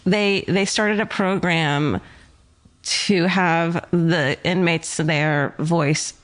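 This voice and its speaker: A woman's voice: fairly low pitch, extremely slow. A woman co-hosting a podcast, telling stories in casual chat, laughing and swearing freely. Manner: swearing, laughing, animated storyteller. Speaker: podcast co-host.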